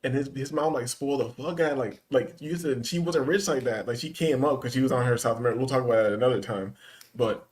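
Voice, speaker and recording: A man chatting casually on a reaction stream. He riffs loosely with plenty of slang. His voice sits at an ordinary middle pitch. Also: fast, darkish tone. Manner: loose, laughing, heavy slang. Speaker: podcast host reading chat.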